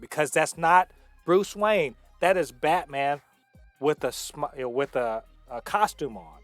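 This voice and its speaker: A man's voice: fairly high pitch, animated, a little slow, fairly bright tone, dry recording, soft background music. A man co-hosting a casual movie review podcast, explaining emphatically with frequent restarts. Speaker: podcast co-host.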